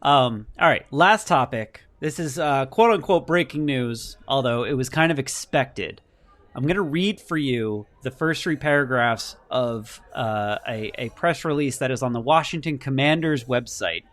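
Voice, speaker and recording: A man's voice: medium pitch, a little slow, a bit bright, no room sound. A man hosting a casual sports podcast, talking in a blunt, wry way and swearing freely. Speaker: podcast host.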